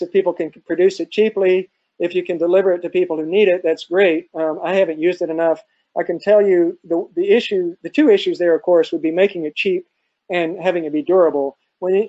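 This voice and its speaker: Guy answering questions on a video call, thoughtful, lots of ums, higher voice but mellow. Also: dull audio. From central Virginia. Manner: thoughtful, hesitant, many fillers and restarts. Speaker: guest speaker on off-grid farming. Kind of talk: conversational answers in a live online talk.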